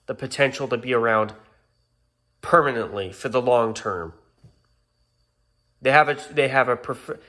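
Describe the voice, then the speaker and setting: A man's voice: medium pitch, pushed and bright. A man talking casually to his channel's viewers, ranting in exasperation and apologizing now and then. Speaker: YouTuber. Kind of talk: casual vlog rant.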